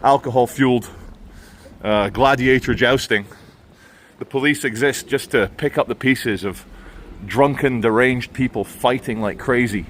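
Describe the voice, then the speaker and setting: A man with a British English accent doing a walking vlog outdoors on a town high street, ranting sardonically with wry asides. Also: measured pace, fairly bright tone, slight background noise. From England. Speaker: vlogger.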